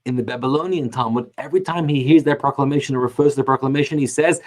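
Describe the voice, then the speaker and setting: A man teaching a Talmud class, telling the story with animated emphasis and slowing down to stretch key words. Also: mid-range voice. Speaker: Torah teacher.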